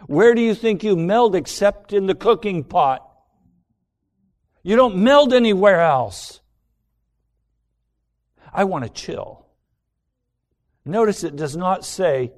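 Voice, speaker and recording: A man preaching a sermon, slow and deliberate, with dramatic rhetorical questions and voiced asides. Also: high-pitched, animated, a little mellow. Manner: dramatic, mimics inner voice of self-love.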